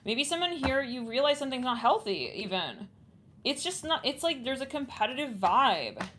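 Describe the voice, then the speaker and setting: A woman's voice: high-pitched, very animated, normal speed, a bit bright. Lady reading tarot cards for her viewers, rambly and chatty, some noise and clicks in the background. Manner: chatty, thinks aloud, trails off and restarts. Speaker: tarot reader.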